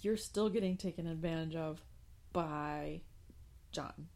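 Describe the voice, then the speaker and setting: A woman's voice: sits low, takes it slowly, gravelly, darkish tone. A woman in her forties co-hosting a podcast, chatting casually with teasing, dry quips. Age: 40s. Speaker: podcast co-host. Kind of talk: casual chat.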